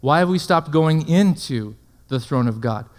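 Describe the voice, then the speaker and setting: A man's voice: a little high, expressive, measured pace, darkish tone. A man preaching a sermon, full of rhetorical questions and checking in with his listeners. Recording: long hall reverb.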